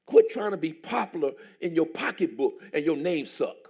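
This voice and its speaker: A pastor preaching a sermon in a church, a man who jumps into a high excited voice and shouts as he tells stories. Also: normal speed, husky. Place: church sanctuary.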